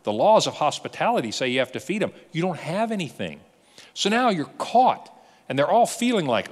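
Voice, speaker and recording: A male pastor giving a sermon, telling a story lively and acting out the characters' lines. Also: a little high, a little fast, long reverb tail. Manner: animated storyteller, acts out dialogue. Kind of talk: sermon teaching.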